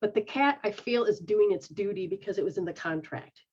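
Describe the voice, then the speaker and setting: A woman's voice: medium pitch, a little fast, darkish tone, slightly rough. Woman giving casual psychic readings, muffled. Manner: frank, swears casually, acts out quoted voices. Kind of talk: live online reading, casual and rambling.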